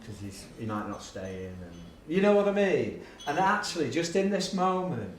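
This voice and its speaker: At a moderate pace and in a slightly high voice, a middle-aged guest speaker on education entertains an audience with classroom tales, often laughing and playing the parts of his pupils. The recording is distant and roomy, with faint ambience and slight background noise.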